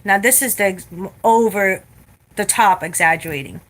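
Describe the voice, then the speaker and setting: A woman telling a story in a casual vlog rant, blunt and profane, animated as she retells it. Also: medium pitch, moderate pace. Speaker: vlogger.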